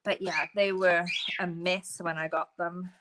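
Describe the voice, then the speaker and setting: Woman, bright tone, chatty, laughs a lot, casual crafting chat, light background hiss. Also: fairly low pitch, flat delivery, measured pace, rough recording. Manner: chatty, laughs often, talks to her pet birds. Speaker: craft stream co-host. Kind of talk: casual chat while painting.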